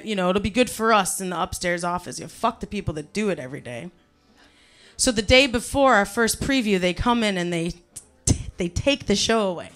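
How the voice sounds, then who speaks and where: Before a live audience, a woman from Cleveland, USA tells her life story in a profane, animated way. She swings between quiet, low asides and shouted punchlines.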